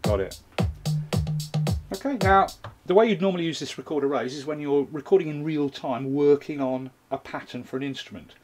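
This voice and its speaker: A man's voice: on the high side, brisk, faint music behind. A man giving a hands-on tutorial, explaining a drum machine's sequencer step by step while he plays it. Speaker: music gear reviewer.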